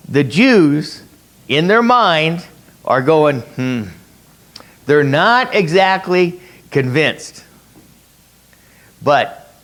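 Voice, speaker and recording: Guy leading church bible study, kinda high voice, swings up and down a lot, repeats stuff to make a point. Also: a bit bright. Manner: explains with rhetorical questions, repeats key points. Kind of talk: conversational Bible study teaching. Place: church meeting room.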